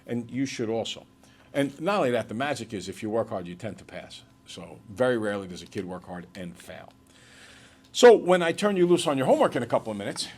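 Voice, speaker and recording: A man's voice: a little high, darkish tone. A man who teaches math, lecturing his class and then working through problems with his students.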